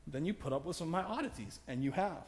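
Man, preacher, sermon, self-deprecating jokes, frequent laughter, fairly high voice, reverberant church. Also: expressive, quick pace, darkish tone. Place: church sanctuary.

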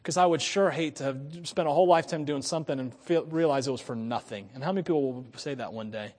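A male pastor preaching a sermon, swinging between quiet asides and loud, emphatic passages. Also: a little high, quick pace, big-room sound.

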